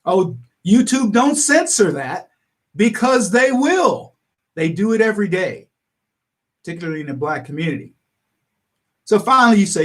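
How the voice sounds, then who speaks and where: A male talk radio host speaking in a fairly high voice that swings widely up and down. He tells stories animatedly, acts out other people's lines and chuckles between his points. The delivery is political livestream commentary. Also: very animated, normal speed, pauses often, a bit bright.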